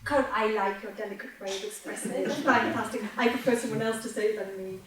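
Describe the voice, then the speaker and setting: A woman with a Manchester accent teaching English, lively and joking as she quizzes her students by name. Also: fairly high pitch, quick pace. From England. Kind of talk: classroom lecture with questions to students. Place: university lecture room. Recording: echoey lecture hall, voice from a distance, faint noise.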